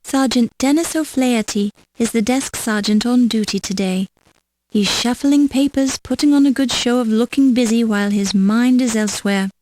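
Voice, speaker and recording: A woman's voice: on the high side, moderate pace, a little mellow, poor audio. A woman giving dry, wry scripted narration for a video game.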